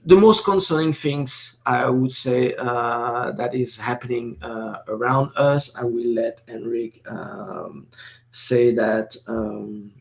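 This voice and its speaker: A man with a French accent hosts a casual live stream. He stops and restarts often, fills gaps with uh and um, and breaks off to answer chat comments. His voice sits at an ordinary middle pitch. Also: takes it slowly, vocal fry. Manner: hesitant, many fillers and restarts, reads chat comments.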